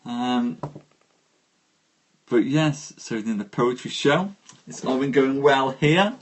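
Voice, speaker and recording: A man hosting a live stream, reading poetry aloud and chatting with viewers, greeting them by name in an unhurried way. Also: medium pitch, slight background noise.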